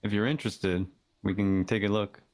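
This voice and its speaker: Relaxed male player, low pitch, easygoing delivery. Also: moderate pace, no echo, studio quality. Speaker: role-play player. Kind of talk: casual game chat.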